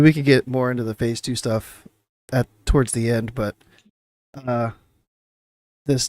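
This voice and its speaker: A man with a mid-pitched voice in a relaxed podcast chat, quoting other people's replies with a shift in voice. The sound is dry and close, with no room echo. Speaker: podcast co-host.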